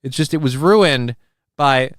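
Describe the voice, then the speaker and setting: A man's voice: mid-range voice, unhurried, dry recording, studio quality. A man hosting a live show, ranting with heat, sarcasm and lots of swearing as he reacts to videos. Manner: profane, heated, sarcastic. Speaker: host of a live call-in show.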